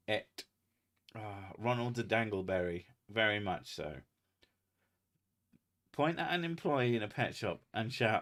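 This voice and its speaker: A man's voice: fairly low pitch, expressive, measured pace, fairly bright tone. A man from England hosting a casual livestream, reading viewer comments aloud with jokes, swearing and frequent laughter. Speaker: host reading viewer chat.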